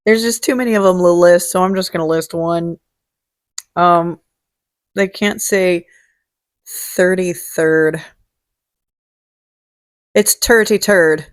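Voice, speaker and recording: A woman hosting a casual vlog, talking in a jokey, salty way and swearing freely. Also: on the low side. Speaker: host. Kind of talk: casual chat.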